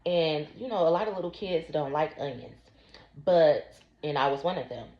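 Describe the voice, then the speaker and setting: A woman telling a personal story slowly and deliberately to her vlog audience. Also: sits low. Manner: slow, deliberate recounting. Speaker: vlogger. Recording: roomy, dull lo-fi sound.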